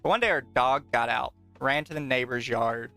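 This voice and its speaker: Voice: medium pitch, normal speed, gravelly, a bit bright, faint music behind. A podcast host chatting casually with a livestream audience, rambling through stories with plenty of laughter and casual swearing.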